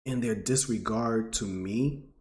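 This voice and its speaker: A man's voice: takes it slowly, a little mellow, roomy sound. A man in his twenties, telling a personal story to his audience in an earnest, emotional way. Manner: earnest, emotional, rising pitch when stirred. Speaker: vlogger.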